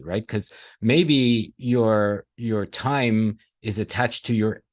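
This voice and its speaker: A man's voice: on the low side, a little slow. A man in casual conversation, talking reflectively and playing on the sounds of words.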